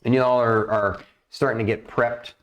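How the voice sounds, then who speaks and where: A man's voice: mid-range voice, fairly even intonation, moderate pace, dull audio. A man narrating as game master on a tabletop game stream, rambling with many fillers and restarts.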